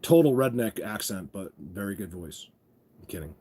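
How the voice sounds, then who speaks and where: A man's voice: on the low side, animated, normal speed, mellow, husky. A man chatting casually with viewers on a live stream from his phone, groggy from just waking up and rambling as he greets people by name. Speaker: vlogger hosting a live stream. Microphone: phone camera.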